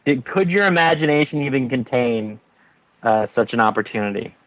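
A man's voice: mid-range voice, expressive, moderate pace, no echo. A man with a mid-range voice comes through a dull, lo-fi line that sounds dry and close. He talks casually with a wry, teasing edge. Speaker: podcast guest, comic writer. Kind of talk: casual chat.

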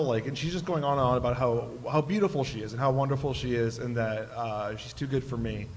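A man of middle pitch tells a halting story with many fillers, giggling as he goes, on a convention panel. His voice rings with a long hall reverb. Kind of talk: casual anecdote on a convention panel. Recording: hall reverb, faint noise.

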